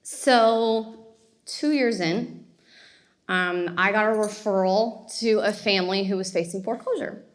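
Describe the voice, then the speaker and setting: A woman, giving a motivational talk and telling her story in an animated way with laughter. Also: medium pitch, a little slow. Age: 30s. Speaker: speaker.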